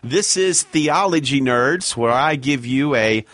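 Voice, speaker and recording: A man's voice: medium pitch, animated, slow, fairly bright tone, dry recording. Male podcast co-host, teasing, explains topics, dry studio sound. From Alabama. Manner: bantering, reads quotes aloud. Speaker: podcast co-host, segment presenter. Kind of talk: casual chat.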